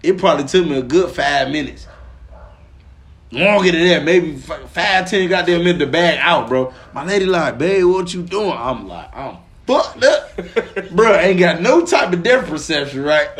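A man's voice: moderate pace, creaky. A man from Pine Bluff, Arkansas, co-hosting a podcast and telling a long story in casual, profane slang. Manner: animated, profane, slangy, often lowers voice then bursts up laughing. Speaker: podcast co-host.

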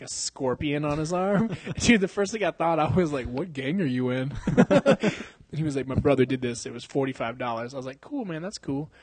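A husky, mid-range voice on a dry recording belongs to a young podcast host telling a long bar story into a handheld mic. He keeps it casual and profane, slangy and full of laughter, acting out the lines people said.

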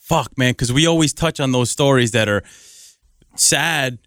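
A man's voice: mid-range voice, unhurried, fairly bright tone, no echo, clean studio sound. A man co-hosting a podcast in casual banter, crude and profane, laughing often. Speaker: podcast co-host.

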